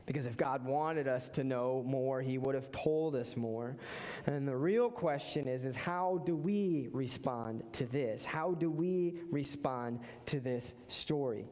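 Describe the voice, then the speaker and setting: Brief: male pastor, lively sermon storytelling, slightly dull muffled church recording. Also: medium pitch, a little slow, in a large hall. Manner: animated storytelling, acting out the figures. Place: church sanctuary.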